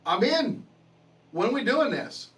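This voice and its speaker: A man's voice: very high voice, sing-song, takes it slowly, a bit bright, far from the mic, rough recording. A man hosting a livestream, chatting casually and answering viewer comments in a profane, joking way. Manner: profane, joking, laughs often. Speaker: livestream host.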